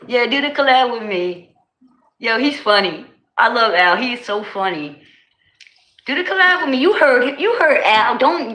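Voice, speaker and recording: A woman with a New Jersey accent chatting casually with viewers on her livestream, animated and laughing often, full of slang. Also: mid-range voice. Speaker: livestream host. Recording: echoey room with faint noise.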